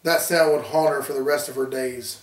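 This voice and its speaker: A man reading his own horror story aloud with a steady storytelling delivery. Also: medium pitch, fairly quick. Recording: roomy, distant from mic.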